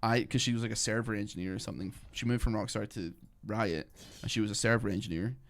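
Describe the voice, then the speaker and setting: A Scottish gaming streamer with a fast, gravelly, fairly low voice offers casual gameplay commentary. He rambles along with lots of fillers.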